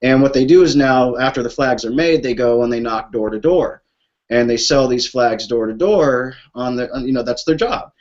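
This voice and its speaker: A man with a mid-range, slightly mellow voice speaks at a moderate pace on a group call, and the call line sounds muffled. He's impassioned about his veterans' flag program, blunt and emotional, cursing and circling back to the same points.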